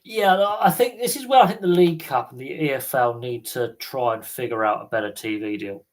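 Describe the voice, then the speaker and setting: A man chatting casually as host of a live Q&A stream. He rambles from point to point, thinking out loud with plenty of ums and restarted phrases. His voice sits at an ordinary middle pitch for a man. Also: fairly quick, rough recording. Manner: rambling, thinks aloud with many fillers and restarts. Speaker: sports livestream host.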